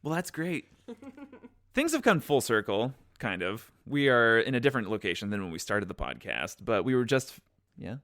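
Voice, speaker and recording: A man's voice: medium pitch, sing-song, moderate pace, fairly bright tone. A man co-hosting a podcast, chatting casually and joking around with playful banter. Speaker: podcast co-host.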